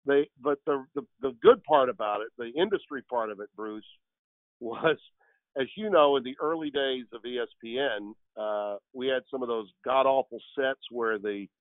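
A man's voice: medium pitch, dry recording. A man in his sixties, a veteran sportscaster, telling stories and joking as a guest. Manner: storytelling, joking. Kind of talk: casual chat. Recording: dry tinny phone line.

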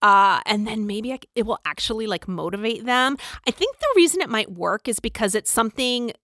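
A woman's voice: on the high side, expressive, fairly quick, a bit bright, dry recording, studio quality. A woman co-hosting a podcast, chatting in a bubbly, giggly way. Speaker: podcast co-host. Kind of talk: casual chat and read ad.

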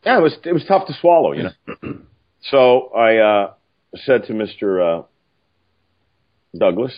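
An older man telling stories casually, animated and profane, acting out other people's lines. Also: on the low side, a little slow, long pauses. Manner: animated, profane, acts out quoted voices. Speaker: film writer-director guest. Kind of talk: casual anecdotal storytelling. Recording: muffled lo-fi audio.

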